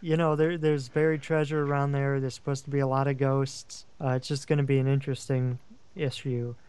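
A man's voice: mid-range voice, level tone, brisk, darkish tone, clean tone, no echo. A man on a radio talk show, chatting casually about places he will write about, with lots of fillers. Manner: chatty, rambling with many fillers. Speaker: regular guest, paranormal writer.

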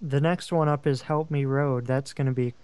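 A man's voice: medium pitch, fairly even intonation, normal speed, darkish tone, clear, resonant tone, no echo. A man on a radio talk show, chatting casually about places he will write about, with lots of fillers. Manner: chatty, rambling with many fillers. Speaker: regular guest, paranormal writer.

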